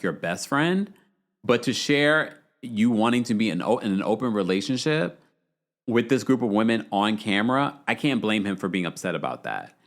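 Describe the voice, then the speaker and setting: A man hosting a live-stream reality TV recap, chatting casually and reading out viewer comments. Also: on the low side. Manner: chatty, animated, reads viewer super chats. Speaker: podcast host.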